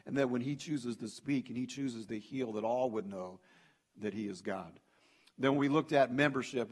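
A pastor preaching a sermon in an emphatic, conversational way, often addressing the congregation directly. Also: male voice, mid-range voice. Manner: conversational preaching, emphatic, frequent "hey" and "you know".

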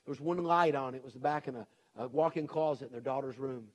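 A man's voice: mid-range voice, quick pace, muffled recording. A middle-aged man preaching a sermon as pastor, earnest and pleading, with repeated urgent appeals to his congregation.

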